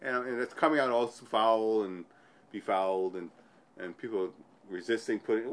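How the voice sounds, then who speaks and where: A man's voice: on the low side, brisk. A man telling a personal story in an interview, rambling and often repeating and restarting his phrases.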